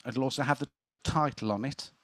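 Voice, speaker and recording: A man's voice: medium pitch, a little fast, fairly bright tone, no echo. A man hosting a casual online quiz, chatty, laughing easily and tripping over repeated words. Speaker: quiz host. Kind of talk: casual live-stream chat.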